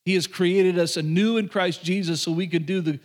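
Male pastor, higher-pitched voice, chatty sermon with playful asides and frequent restarts. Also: steady tone, moderate pace. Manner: conversational, joking asides with repetitions and restarts.

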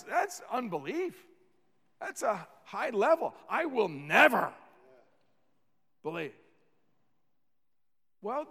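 A man's voice: very high-pitched, in a large hall. A man preaching a sermon as pastor, earnest, repeating words and leading the congregation in responses.

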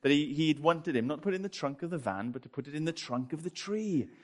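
A man's voice: on the high side, lively intonation, fast talker. A British man preaching a sermon and telling a story in a chatty, self-deprecating way.

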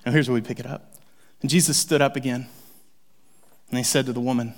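A man preaching a sermon, animated and conversational, swinging from loud excitement to hushed near-whispers. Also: mid-range voice, fairly quick, pauses often. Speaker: pastor.

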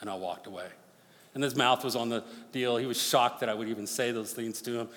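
A man's voice: medium pitch, steady tone, a little fast. Impassioned male preacher in a reverberant hall. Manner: impassioned preaching, rising to near-shouts then dropping to hushed storytelling. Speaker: pastor. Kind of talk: sermon. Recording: long reverb of a large hall.

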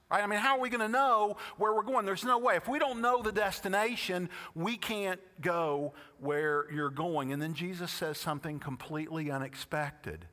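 A man preaching a sermon, emphatic, with rhetorical questions and dramatic slow-downs, recorded in a large church hall. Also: high-pitched, animated, sharp tone. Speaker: pastor.

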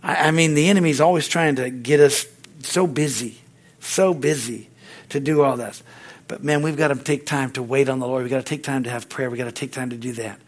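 A middle-aged pastor preaches a fervent church sermon in a steady, brisk tone, repeating words and throwing in frequent amens. When he tells stories, his voice grows loud and high-pitched.

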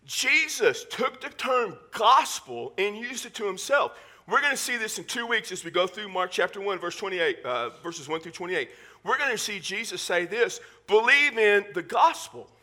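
High, lively Southern Texas preacher man. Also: normal speed. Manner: animated, joking asides. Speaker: pastor. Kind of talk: sermon. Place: church.

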